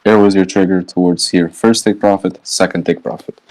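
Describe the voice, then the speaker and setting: A man's voice: low voice, fairly even intonation, brisk, darkish tone, poor audio. A man walking through trading charts live in a casual, slangy way, thinking aloud and often checking in with "right?". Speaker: trading educator.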